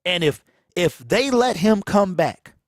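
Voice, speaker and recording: A man's voice: high-pitched, sing-song, takes it slowly, no echo. A man hosting a sports talk show with a Michigan accent, ranting in casual commentary, preachy and repeating phrases for emphasis, on a close mic that pops. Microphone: close mic, pops on plosives.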